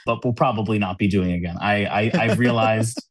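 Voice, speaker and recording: A man's voice: on the low side, brisk, no echo. A man who is a podcast guest, talking casually, with many "like" and "you know" fillers and frequent laughs. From United States. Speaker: podcast guest, cube designer. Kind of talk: casual conversational interview. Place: New York City.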